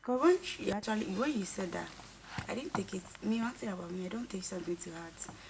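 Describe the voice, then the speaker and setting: A woman's voice: medium pitch, animated, fairly quick, vocal fry, background noise. A young woman in a casual conversation, earnestly retelling a falling-out with repeated quoted dialogue. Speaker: reality show contestant.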